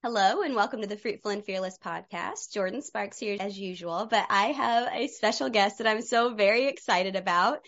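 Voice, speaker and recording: A woman's voice: medium pitch, normal speed, few pauses, fairly bright tone, lo-fi sound. A woman hosting a podcast, chatting casually and enthusiastically with a guest. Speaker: podcast host. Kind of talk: casual interview chat.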